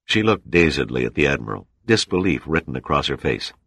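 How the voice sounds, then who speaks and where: Very deep male audiobook narrator. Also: sing-song, a little fast, fairly bright tone, dry recording. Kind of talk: scripted narration.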